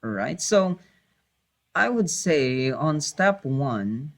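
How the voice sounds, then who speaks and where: A man's voice: a little high, big pitch swings, drawn-out words. A man teaching a math lesson, hesitating with many fillers, correcting himself and patiently repeating key points.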